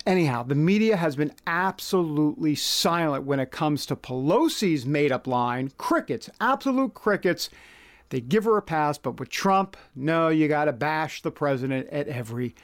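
A man's voice: on the high side, animated, moderate pace. A man hosting a casual political commentary podcast from a news studio, talking animatedly, with wry asides and pushing up his voice on words he wants to stress. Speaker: podcast host.

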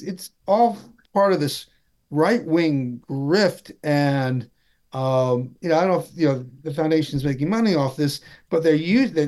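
Man, fairly high voice, wry, indignant, casual political chat, stop-start delivery. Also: darkish tone. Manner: wry, indignant, halting with restarts. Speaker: political commentator.

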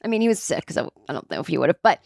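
A woman comedian hosting her podcast, telling a long story in a chatty way, with lots of fillers and sudden jumps in pitch when she gets excited. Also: racing, gravelly, dry recording, studio quality. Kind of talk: casual storytelling monologue.

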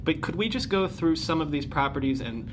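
Male interviewer, conversational, rumble in background. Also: animated, brisk. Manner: conversational, encouraging.

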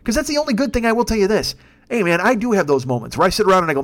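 A man's voice: sits high, sing-song, quick pace. A man in his fifties hosting a solo podcast, ranting bluntly and heatedly with constant swearing. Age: 50s. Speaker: podcast host.

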